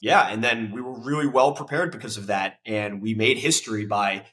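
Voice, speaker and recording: A man's voice: lowish voice, moderate pace, fairly bright tone, poor audio. A man in his twenties, a podcast guest, telling his story casually and acting out quoted dialogue with plenty of swearing.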